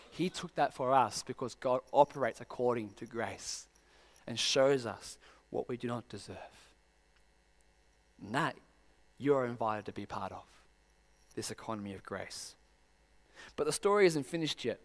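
A man's voice: mid-range voice, long reverb tail. A man preaching a sermon, pressing his listeners with pointed rhetorical questions.

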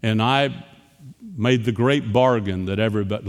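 A man preaching a sermon, telling a personal story and moving between quiet, hushed passages and emphatic ones. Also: lowish voice, normal speed, big-room sound.

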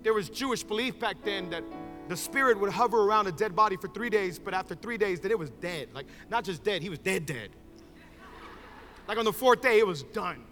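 A man preaching a sermon in a church, moving from casual storytelling to shouted, fervent exhortation. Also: high-pitched, lively intonation, brisk, soft background music. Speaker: pastor. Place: church sanctuary with congregation.

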